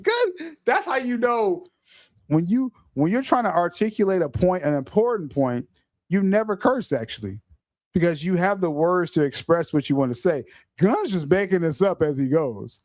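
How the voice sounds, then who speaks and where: Animated high-voiced man laughing through commentary. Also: normal speed, dry recording, clean studio sound. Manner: laughs often, animated and mocking. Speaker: podcast host. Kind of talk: reaction commentary on a clip.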